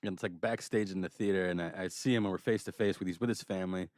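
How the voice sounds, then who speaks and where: A man hosting a panel, telling animated, profane anecdotes and doing impressions. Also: low voice, racing, no echo, studio quality. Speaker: panel host. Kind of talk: casual chat, storytelling.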